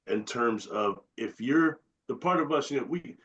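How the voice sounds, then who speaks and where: A man as a guest in a casual chat, explaining ideas slowly and deliberately and listing terms one by one. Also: medium pitch, lively intonation, a bit bright, slightly rough.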